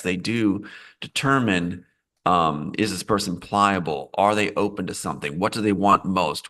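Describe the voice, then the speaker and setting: A man's voice: low voice, a bit bright. A man being interviewed as a screenwriter, talking in a meandering way, often restarting and repeating phrases. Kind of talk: live interview, casual talk.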